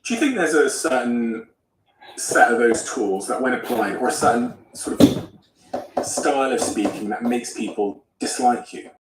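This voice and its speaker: A man's voice: medium pitch, expressive, measured pace, roomy sound, recorded from a distance, background noise. A man hosting a podcast conversation, talking casually and asking probing questions. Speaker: podcast host.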